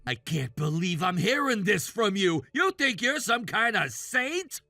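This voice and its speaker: A man voicing a demanding, sexist jobless brother-in-law in his thirties for a text message story, yelling orders and insults. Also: high voice, very animated, measured pace, no echo, studio quality, soft background music, exaggerated voice. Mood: angry. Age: 30s.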